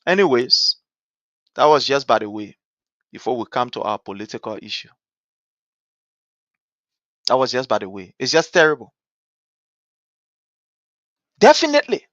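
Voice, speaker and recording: A man's voice: medium pitch, big pitch swings, moderate pace, pauses often, fairly bright tone, dry recording, lo-fi sound. A man from Liberia with a Liberian English accent, hosting a political talk show and giving impassioned commentary full of rhetorical questions and repeated points. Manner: rhetorical, repeats points, asks "guess what".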